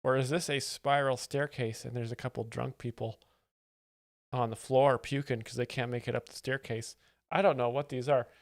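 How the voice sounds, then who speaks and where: A man commenting over a comedy clip in a dry, deadpan, mock-analytical way, as if breaking down technique. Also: medium pitch, normal speed, dry recording. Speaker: joke explainer host.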